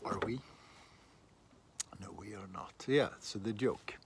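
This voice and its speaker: Low-ish guy rambling slow outside in the garden, laughs at himself, bit of wind. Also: animated. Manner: rambling, self-deprecating, many restarts. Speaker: shaving vlogger. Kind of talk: casual outdoor vlog chat. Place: outdoors in a windy garden.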